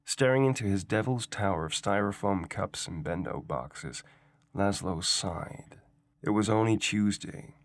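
A man reading a science-fiction short story aloud as guest reader, in a measured, unhurried storytelling style, on a close studio mic. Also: fairly low pitch, expressive, no room sound. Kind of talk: scripted narration.

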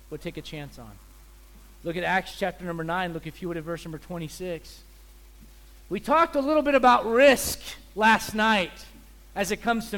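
A visiting preacher, a man giving a sermon in an animated, joking way, acting out little scenes. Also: sits high. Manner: animated, joking, acts out voices.

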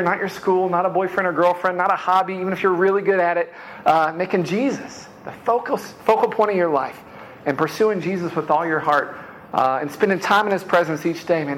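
A man preaching in a relaxed, chatty way with a somewhat high voice. He sprinkles in quick asides and often trips back over a word before pressing on. A faint hum sits behind him. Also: poor audio. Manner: casual conversational preaching, frequent "man" and "right?" asides; repeats words while restarting. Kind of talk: sermon.

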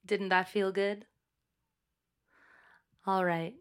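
Slow, calm woman coaching breath. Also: mid-range voice, clear, resonant tone. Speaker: voice instructor. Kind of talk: guided breathing and voice exercise.

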